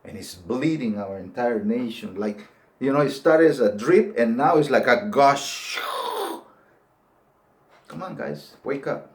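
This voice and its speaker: A man's voice: medium pitch, measured pace, long pauses, a little mellow. An older man giving an earnest, pleading monologue that rises into emphatic outbursts. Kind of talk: impassioned monologue to camera.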